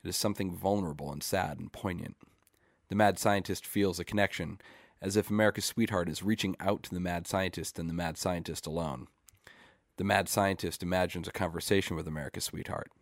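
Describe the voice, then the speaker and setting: A man reading a short story aloud in a measured, deadpan way. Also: deep voice, gravelly, no echo, studio quality. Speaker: story reader.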